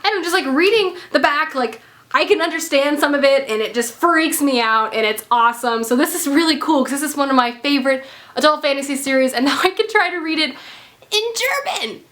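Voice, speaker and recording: A young woman from the United States, a book vlogger talking casually and excitedly, gushing with lots of "like" fillers. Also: high-pitched, fast talker. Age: young adult. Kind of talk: casual book haul chat.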